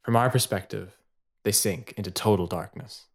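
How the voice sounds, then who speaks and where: A man's voice: fairly low pitch, moderate pace. Laughing man narrating a tale. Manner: laughs often, narrates in a loose, rambling way. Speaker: storyteller. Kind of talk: improvised collaborative storytelling.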